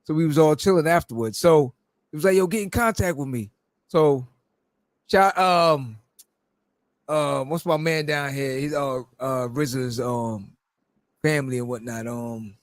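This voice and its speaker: Laughing New York podcast host. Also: male voice, medium pitch, measured pace, no echo. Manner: laughs often, animated storytelling with put-on voices. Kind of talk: casual chat.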